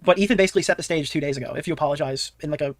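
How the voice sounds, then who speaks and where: A man co-hosting a stream, quickly recapping the news. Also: fairly high pitch, dry recording. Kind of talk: casual stream commentary.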